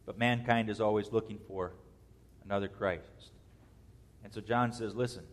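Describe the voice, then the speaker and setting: A man's voice: on the low side, fairly even intonation, moderate pace, long pauses. Man preaching in a reverberant hall. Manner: preaches with dynamic swings in loudness and pace. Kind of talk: expository sermon.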